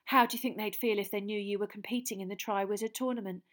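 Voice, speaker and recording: Woman reader as brisk nosy lady journalist, pushy, interrupts. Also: medium pitch, steady tone, lightly acted. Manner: pushy, talks over others. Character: brisk prying female gossip journalist.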